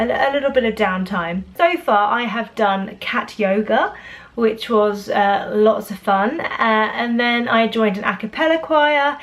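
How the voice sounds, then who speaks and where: A woman in her thirties from England chatting casually to camera in a rambling vlog, full of restarts. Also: mid-range voice. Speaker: vlogger.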